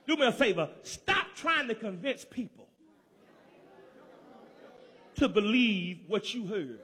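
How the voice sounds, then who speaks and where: A man from Georgia with a Southern accent preaching a sermon. He talks straight to the congregation in a rhythmic call-and-response style that builds to shouts. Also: high-pitched, sing-song, slow, pauses often, big-room sound, some chatter behind.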